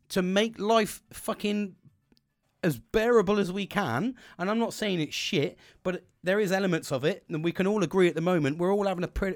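A man speaks into his home podcast mic in a casual motivational monologue. His voice sits a little high for a man and leaps up and down with animated swings. He swears constantly and breaks into quick impressions of other people. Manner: heavy swearing, animated, acts out quoted people. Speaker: podcast host. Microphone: home podcast mic setup.

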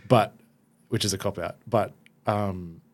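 Low husky guy hosting a podcast, open, restarts a lot. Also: steady tone. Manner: open and self-reflective, halting restarts. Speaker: podcast host. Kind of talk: candid podcast conversation.

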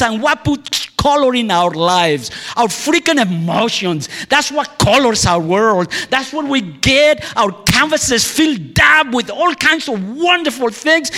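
A man's voice: very high voice, normal speed. A man telling a personal story on stage at a live storytelling event, growing impassioned. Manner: animated, rising to impassioned. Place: hall with audience. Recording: reverberant hall.

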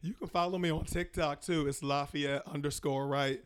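A man from Maryland, a comedian guest in a casual podcast chat, ranting in slangy, animated bursts with mocking impressions. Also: a little high, normal speed. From Prince George's County, Maryland.

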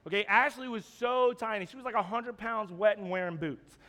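A young man preaching a sermon, telling funny stories and acting out lines, swinging between quiet and loud. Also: sits high, a little fast. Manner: energetic, jokey storytelling, swings from quiet to loud. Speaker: youth pastor. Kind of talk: animated sermon with acted-out dialogue. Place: church hall. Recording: long hall reverb.

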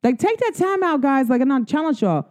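A woman's voice: sits high, big pitch swings, fairly quick, darkish tone. A woman hosting a podcast, speaking in casual, earnest slang about love and friendship, with many fillers. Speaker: podcast host. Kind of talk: casual spiritual talk.

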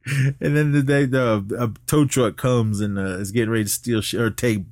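A man co-hosting a podcast, recapping a film in a casual, animated way and often laughing while he talks. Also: normal speed, no echo. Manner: animated retelling, jumps up in pitch when quoting characters. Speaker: podcast co-host.

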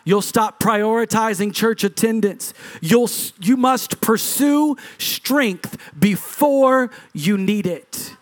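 Middle-aged male pastor, high-pitched preaching voice, punchy repetition, big dynamic swings. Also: slow, hardly any pauses. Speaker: lead pastor. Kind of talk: sermon.

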